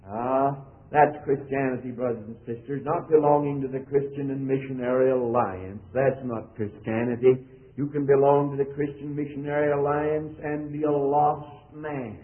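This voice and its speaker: A man's voice: mid-range voice, steady tone, normal speed. Preaching man on a tinny old recording. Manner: emphatic, rising and falling preaching cadence. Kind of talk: sermon.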